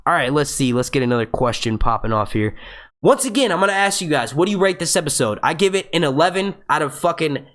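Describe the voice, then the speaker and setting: A man hosting a casual live review stream, excitable and profane, rambling and restarting his sentences as he talks into his webcam. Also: a little high, fast. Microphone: webcam setup.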